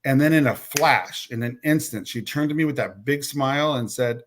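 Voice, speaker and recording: A man's voice: mid-range voice, moderate pace. Man telling a frank personal story. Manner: frank and blunt, swears, stumbles and repeats words; acts out other people's lines as quoted dialogue. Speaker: podcast guest, author.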